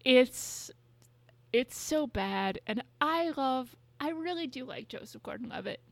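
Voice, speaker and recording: A young woman co-hosting a podcast in casual chat, talking fast with lots of fillers and swearing. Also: high voice, animated, vocal fry, dry recording. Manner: chatty, swears, many fillers. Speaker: podcast co-host.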